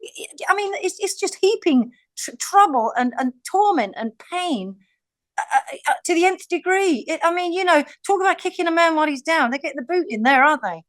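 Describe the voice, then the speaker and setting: A woman's voice: very high voice, expressive, brisk, no echo. A woman with an English accent co-hosting a casual Bible study, speaking heartfelt and often restarting her sentences. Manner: heartfelt, many restarts and repeated words. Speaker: podcast co-host, scripture reader.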